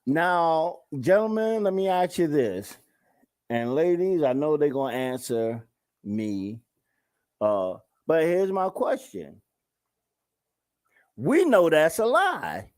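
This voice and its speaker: A man's voice: fairly high pitch, a little mellow. A man hosting his own show, talking casually and in slang straight to his viewers. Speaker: show host. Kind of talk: casual talk-show monologue.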